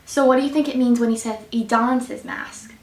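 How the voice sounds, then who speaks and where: Bright encouraging woman teaching grammar. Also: a little high, fairly even intonation, brisk. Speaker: student teacher reading a picture book. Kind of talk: reading aloud and quizzing children on grammar. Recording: echoey room from a distance.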